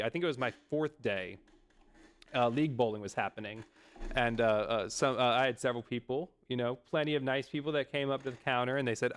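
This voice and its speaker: Smooth-voiced man rambling with fillers. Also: medium pitch, a bit bright. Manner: rambling, lots of fillers and restarts. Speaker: streamer. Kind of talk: casual chat.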